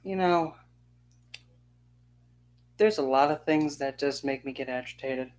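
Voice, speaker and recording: A fired-up vlogger ranting in an indignant, sarcastic tone, voice pitched in the middle range. The speaker jumps between a frank, steady delivery and mocking little impressions of the people being criticized. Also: measured pace. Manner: indignant, sarcastic, mocks others in quoted voices. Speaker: occult channel host. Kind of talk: ranting opinion monologue.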